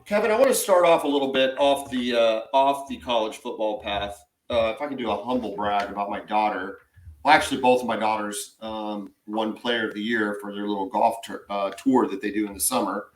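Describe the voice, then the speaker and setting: A man, co-hosting a sports podcast and ranting with strong opinions. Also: medium pitch. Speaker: podcast co-host. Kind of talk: casual sports podcast chat. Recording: echoey room.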